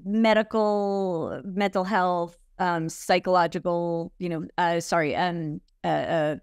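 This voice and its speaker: A woman's voice: lowish voice, fairly even intonation, slow pace, clean tone, no room sound, clean studio sound. A woman guest speaking as an expert on college disability services, explaining things conversationally with frequent fillers and self-corrections. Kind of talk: conversational interview.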